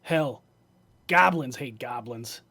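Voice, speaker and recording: Man voicing a goblin, grating, nasal, brash, swears a lot, loud and high. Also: lively intonation, slow pace, creaky, exaggerated voice. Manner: crude, swaggering, swearing. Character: foul-mouthed male goblin, former thief.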